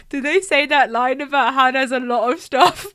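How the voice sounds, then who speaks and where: A woman's voice: high voice, moderate pace. A woman from the UK streaming a game playthrough, reading the dialogue aloud and reacting with lots of laughter. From United Kingdom. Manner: excitable, laughs often, voices characters.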